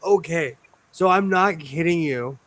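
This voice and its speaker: A man's voice: on the high side, unhurried, fairly bright tone, a little hiss or hum. A man chatting casually as a guest, jokey and self-mocking, often laughing.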